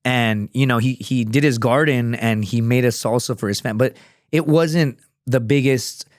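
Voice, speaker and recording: A man's voice: mid-range voice, moderate pace, dry recording, clean studio sound. A man, a former Marine and fighter, telling a story as a podcast guest in a casual, rambling way full of fillers and swearing. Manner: profane, rambling, many fillers.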